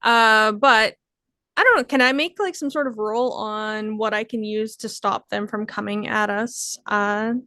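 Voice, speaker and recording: A woman's voice: medium pitch, unhurried, sharp tone, no room sound, studio quality. A woman playing a tabletop game, thinking aloud tentatively with many fillers. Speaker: player.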